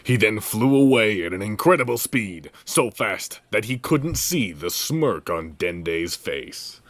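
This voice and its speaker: A man with a fairly low voice narrates fan fiction aloud as the host of a comedy podcast. His reading is wry and deadpan, steady and dry. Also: slow, dry recording.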